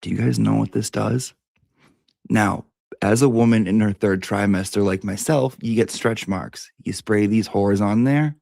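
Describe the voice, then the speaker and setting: A man's voice: on the low side, a little slow, gravelly, darkish tone, no room sound. A man giving a brash, profane, theatrical comic review of beauty products.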